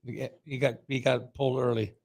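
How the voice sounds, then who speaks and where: Gravelly, husky man cracking dry jokes. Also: medium pitch, little pitch movement, a little fast, darkish tone. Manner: dry, wisecracking interjections. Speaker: podcast co-host. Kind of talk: casual chat.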